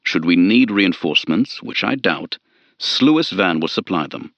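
Man reading as a low-voiced general, commanding, measured, dull dry lo-fi audio. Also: animated, gravelly, no echo, heavily acted. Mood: confident. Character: confident male general, dismissive and commanding. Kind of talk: audiobook character voice.

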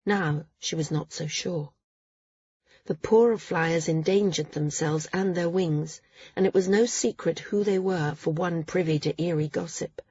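A woman narrating a novel in an even, measured way. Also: fairly low pitch, slightly rough, dry recording, muffled recording. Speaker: audiobook narrator. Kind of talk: scripted narration.

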